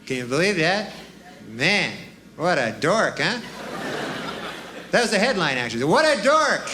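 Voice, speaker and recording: High-voiced man doing dry stand-up. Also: very animated, a little slow. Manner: rambling, dry delivery full of "you know" and "huh" tags. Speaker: stand-up comedian. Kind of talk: stand-up comedy. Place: stage before a live audience. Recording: live club recording with audience laughter and noise.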